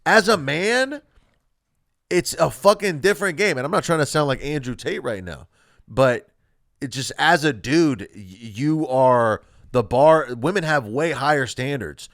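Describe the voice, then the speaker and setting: A man's voice: on the high side, animated, normal speed, gravelly, fairly bright tone, no echo, studio quality. Brash swearing male podcast host. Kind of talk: casual comedic chat.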